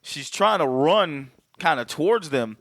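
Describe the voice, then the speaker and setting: A man's voice: on the high side, expressive, unhurried, fairly bright tone, no echo, clean studio sound. A man co-hosting a podcast, recapping in loose, profane casual chat with frequent laughter. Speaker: podcast co-host.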